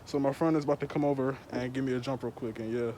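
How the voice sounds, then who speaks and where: A man's voice: medium pitch, steady tone, fast, dark tone, a little hiss or hum. A young man vlogging casually while working on his car, with loose slangy talk and a bit out of breath under a mask. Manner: laid-back slangy talk. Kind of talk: casual vlog narration.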